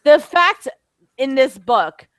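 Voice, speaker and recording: A woman's voice: high voice, sing-song, slow, a bit bright, dry recording. A woman guest in a casual chat, talking with indignation and frequent laughter after a few glasses of wine.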